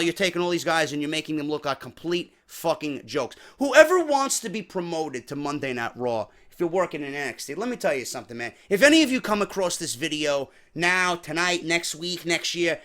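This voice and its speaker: High, bright, ranting New York man. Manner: profane, exasperated ranting. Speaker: wrestling podcast host. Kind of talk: ranting show review.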